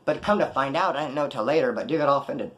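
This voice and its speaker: There's a slight hiss or hum behind this young man's mid-range voice as he talks at a quick pace. A vlogger telling stories about prison and life after release, he acts out people's words in a casual, slangy, foul-mouthed monologue.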